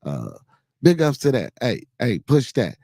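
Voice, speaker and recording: A man's voice: mid-range voice, wildly swooping pitch, measured pace, vocal fry, warm tone, dry recording. A man hosting a casual livestream chat, talking in a loose, rambling way with many fillers and a Chicago accent. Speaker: podcast host.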